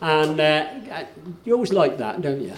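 Older man, wry high-pitched raconteur. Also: big pitch swings, moderate pace, echoey room, slight background noise. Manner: chatty, self-interrupting, wry humor. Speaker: folk singer and storyteller. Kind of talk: live on-stage song introduction.

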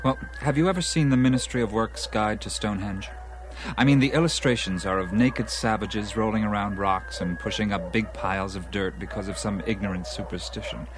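This man's fairly low voice is a little fast and close to everyday speech, captured in poor audio. Playing a keen dinner guest in a film scene, he holds forth on ancient mysteries, frequently speaking while he eats.

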